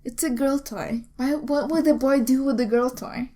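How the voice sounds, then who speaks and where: Woman, podcast co-host, fairly high voice, casual, sarcastic, dry. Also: moderate pace, dark tone. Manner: sarcastic, dry put-downs. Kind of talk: casual chat about a film.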